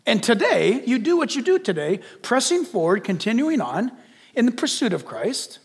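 A preacher with a very high voice delivers an animated sermon. He swings from quiet, intimate asides to loud, shouted bursts. His voice carries a long reverb, as in a large church hall. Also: normal speed. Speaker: pastor.

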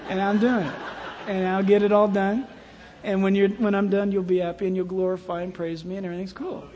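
A preacher acting out God as a calm, all-powerful deity who talks offhandedly, with a long hall reverb around him. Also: male voice, sits high, fairly quick, highs cut off, lightly acted. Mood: reassuring. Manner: casual, reassuring, offhand.

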